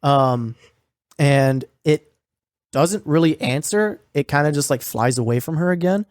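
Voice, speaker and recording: A man's voice: on the high side, unhurried, dry recording, clean studio sound. Profane, rambling podcast man. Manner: profane, rambling, filler-heavy. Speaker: podcast co-host. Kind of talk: casual podcast recap.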